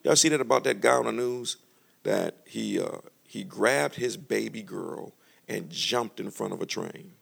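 A man preaching a sermon as pastor, joking between slow, emphatic scripture readings. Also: fairly low pitch, gravelly, slightly rough. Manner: lively, humorous preaching, reads scripture slowly and loudly.

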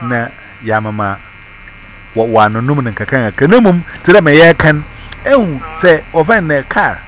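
A man's voice: fairly high pitch, brisk, a bit bright, slight background noise. A man, telling a story in casual chat and switching between Twi and English. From Ghana.

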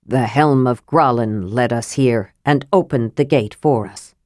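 A gruff old dwarf who speaks grimly and with weary resolve, as a woman reader puts him on. The voice is low and dry, close to the mic. He sounds like a seasoned fighter in a storybook. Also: measured pace, darkish tone, no echo. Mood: defensive. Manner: grim, gruff.

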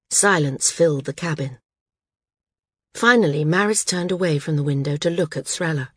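A woman narrating a fantasy audiobook in a steady, measured way. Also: sits low, slightly rough, no echo, studio quality. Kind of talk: scripted narration.

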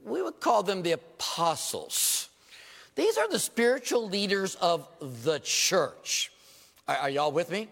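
A man with a twang preaches from the pulpit, his somewhat high voice ringing through a church sanctuary with a long echo. He keeps asking the congregation questions and pokes fun at himself as he goes. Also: unhurried, creaky. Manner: animated preaching with rhetorical questions and self-deprecating humor. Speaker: pastor. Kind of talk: sermon. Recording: long reverb of a church hall.

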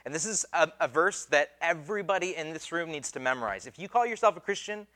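High-voiced casual male preacher. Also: lively intonation, fast, pushed and bright. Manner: casual, conversational preaching with slang and acted-out quotes. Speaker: pastor. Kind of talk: sermon.

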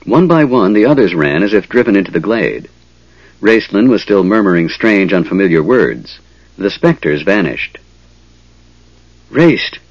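A man narrating a fantasy audiobook in a measured, dramatic storytelling manner. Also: low voice, expressive, no echo, lo-fi sound.

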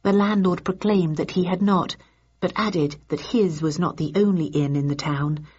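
A woman narrates a first-person audiobook in a low, husky voice. She keeps a dry, measured storytelling pace. The sound is dull and lo-fi. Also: darkish tone.

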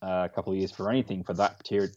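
A man's voice: deep voice, little pitch movement, racing, no echo, muffled recording. An Australian man hosting a podcast in a casual, jokey, chatty way. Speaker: podcast host.

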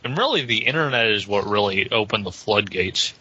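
A man's voice: on the low side, expressive, brisk, sharp tone, husky, no room sound. A young man in a casual group chat, explaining his points earnestly. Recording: dry, muffled lo-fi recording.

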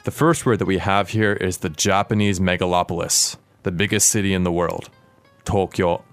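Low-voiced man teaching a podcast lesson. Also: steady tone, normal speed, dry recording, soft background music. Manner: clear, explanatory, asks his co-host questions. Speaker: language teacher and podcast host.

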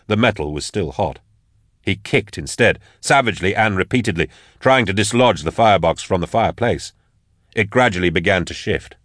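A man narrating a dark fantasy story with measured, dramatic delivery. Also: low voice, no room sound, studio quality. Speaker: audiobook narrator. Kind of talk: scripted narration.

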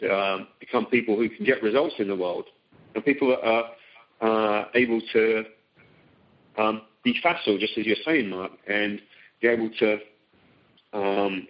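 A middle-aged man speaking on a phone seminar, talking casually with many ums and restarts. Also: lowish voice. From Britain. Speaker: teleseminar guest. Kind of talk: conversational phone seminar talk. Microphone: phone call. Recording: dull lo-fi call audio.

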